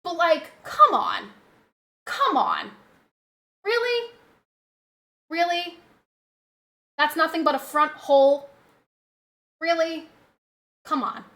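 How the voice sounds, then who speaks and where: A woman's voice: very high voice, animated, slow, pauses often, sharp tone. A young adult woman streamer in casual live-stream chat, ranting heatedly and swearing a lot.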